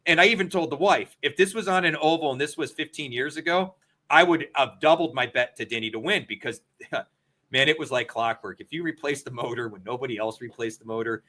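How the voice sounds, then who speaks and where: A chatty, excitable man co-hosting a racing talk over a video call. His voice is bright and forceful, at an ordinary middle pitch. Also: brisk. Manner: chatty and excitable, laughs often. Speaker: podcast co-host. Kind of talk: casual sports betting chat.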